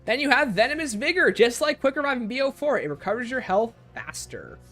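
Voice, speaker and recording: Man, gaming streamer, casual chat, animated pitch, faint music underneath. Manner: rapid-fire listing, sliding up and down in pitch. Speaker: gaming livestreamer. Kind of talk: casual livestream chat, reading viewer comments aloud.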